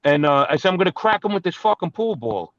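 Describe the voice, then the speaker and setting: A man's voice: high voice, big pitch swings, fast talker, fairly bright tone, no room sound. Man, Brooklyn accent, brash and profane, raised voice, dry dull lo-fi sound. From New York. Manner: brash, profane storyteller acting out quotes. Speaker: podcast co-host. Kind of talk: casual storytelling chat.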